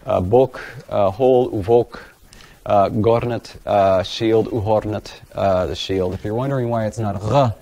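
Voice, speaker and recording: A man's voice: lowish voice, a little slow, dark tone. A man giving an academic lecture with slides, talking in a casual, self-deprecating way with many fillers. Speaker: guest lecturer.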